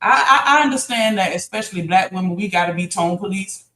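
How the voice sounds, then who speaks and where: A woman's voice: mid-range voice, quick pace, a bit bright, roomy sound, poor audio. A woman co-hosting a live stream, defending herself emphatically. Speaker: stream co-host. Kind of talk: heated casual argument.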